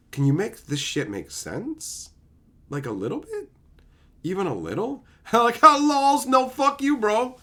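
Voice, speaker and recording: A man's voice: on the high side, sharp tone, husky. A man streaming live, ranting with exasperated, profane mockery while reading chat.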